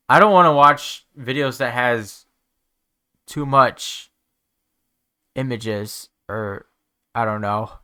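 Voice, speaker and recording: A man talking to his viewers while holding back tears, halting and restarting his words, sighing often. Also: medium pitch, sharp tone, clear, resonant tone. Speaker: YouTuber. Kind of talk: emotional talk to camera.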